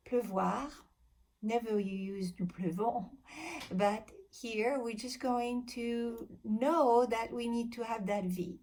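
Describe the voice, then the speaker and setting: A woman's voice: medium pitch, a little mellow. A woman teaching grammar in a recorded lesson, patiently walking through verb endings and spelling them out letter by letter. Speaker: French teacher.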